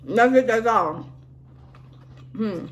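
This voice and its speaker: A woman's voice: fairly high pitch, lively intonation, drawn-out words, highs cut off. A woman chatting casually to her viewers as she tastes and reviews food, humming and muttering between bites. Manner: mutters and hums while eating. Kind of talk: casual eating and review vlog.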